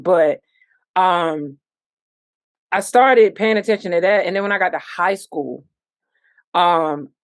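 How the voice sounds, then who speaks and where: Woman from virginia chatting as a guest, kinda low voice, acts stuff out and scats the beats. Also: no room sound. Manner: animated storytelling, sings out rhythms and sound effects. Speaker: musician guest. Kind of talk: casual interview.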